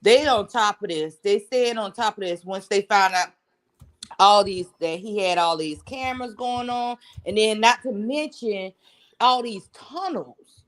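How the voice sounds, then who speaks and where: A woman's voice: medium pitch, unhurried. Woman rambling on in casual chat, lots of um and you know. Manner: rambling, full of fillers.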